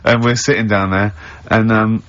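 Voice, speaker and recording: A man's voice: lowish voice, little pitch movement, moderate pace, a bit bright. A man, hosting a radio show in casual banter, telling rambling anecdotes with bursts of giggly laughter. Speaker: radio host. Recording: dull lo-fi radio broadcast.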